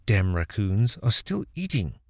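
A man's voice: fairly low pitch, sing-song, unhurried, darkish tone, no room sound, clean studio sound, voice pushed down, full character voice. A man reading aloud voices a nervous, grumbling teenage girl of almost nineteen, raising his voice for her lines.

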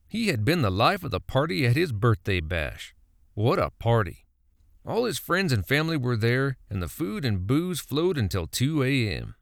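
A man telling a folksy story with a very lively, swooping voice. His tone has a gravelly edge, and the recording is dry and close. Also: mid-range voice, dry recording. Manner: folksy, animated. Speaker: narrator. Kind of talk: storytelling narration.

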